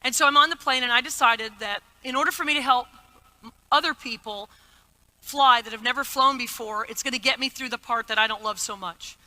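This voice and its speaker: A middle-aged woman giving a keynote talk on stage before a live audience, telling a comedic story in an animated, playful way. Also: on the high side, a little fast, big-room sound, rough recording. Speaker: motivational keynote speaker.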